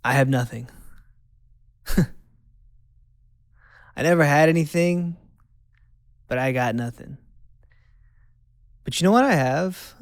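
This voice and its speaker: A man's voice: medium pitch, clear, resonant tone, dry recording, studio quality. A man, hosting and candidly telling his personal testimony in a conversational way, repeating phrases for emphasis. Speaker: host.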